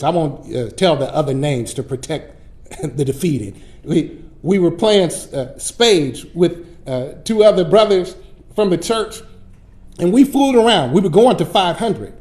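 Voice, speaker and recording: Animated high-voiced storytelling pastor. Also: male voice. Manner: animated, folksy preacher who acts out his stories. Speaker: pastor teaching Sunday school. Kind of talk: storytelling sermon-style lesson.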